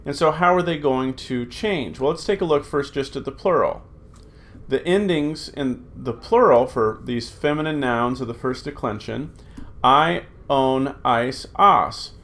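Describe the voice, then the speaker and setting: A man's voice: medium pitch, normal speed. Man teaching a recorded Greek lesson. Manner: patient, repeats forms aloud with many fillers.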